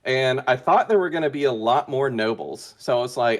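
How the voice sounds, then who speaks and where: A man's voice: medium pitch, lively intonation, fairly quick. A man being interviewed as a guest in casual chat, talking hesitantly with many fillers and restarts. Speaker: interview guest, roleplay player.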